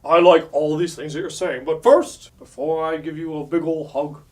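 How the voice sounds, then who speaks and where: A man voicing a boastful male robot warlord villain in a grandiose, drawn-out way, recorded a bit back from the mic. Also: on the high side, fairly even intonation, recorded from a distance, close to an everyday voice.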